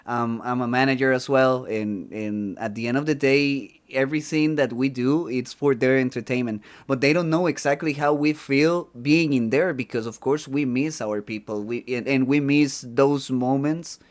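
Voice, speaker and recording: A man's voice: medium pitch, normal speed, hardly any pauses. A man with Spanish as his first language, hosting a podcast interview in casual chat and often restarting his sentences. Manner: hesitant, many restarts. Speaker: podcast host.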